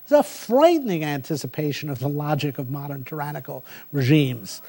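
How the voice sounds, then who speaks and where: A man giving a university lecture as a professor, speaking thoughtfully with frequent "uh" pauses. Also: a little high, animated, darkish tone. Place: lecture hall.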